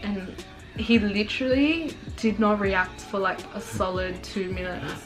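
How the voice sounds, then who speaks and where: A young woman talks straight to her viewers in a relaxed sit-down vlog. She tells her story in loose, rambling runs, with "like" sprinkled everywhere. Her pitch sits in an ordinary middle range, and clear background music plays under her voice. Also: a little slow, low-quality recording. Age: young adult. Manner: chatty and rambling, full of "like". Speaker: vlogger.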